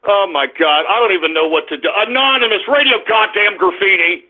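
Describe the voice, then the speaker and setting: A man hosting a radio show, ranting at callers in an exasperated, shouting manner with lots of swearing. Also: high voice, brisk. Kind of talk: ranting call-in radio talk. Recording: lo-fi phone-like audio.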